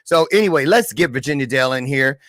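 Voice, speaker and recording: A man's voice: medium pitch, animated, quick pace, fairly bright tone, no room sound. A man hosting a talk show, reacting with exclamations and speaking directly to his viewers. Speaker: show host.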